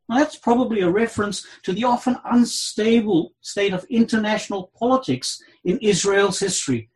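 A man preaching an expository sermon, reading scripture aloud with a dramatic delivery that swings between loud and soft. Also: expressive, low-quality recording. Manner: dramatic, slow delivery with wide swings in pitch and loudness.

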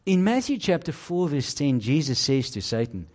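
A man preaching a sermon with emphasis and rhetorical questions, dropping low and quiet to stress key phrases. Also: sing-song, moderate pace.

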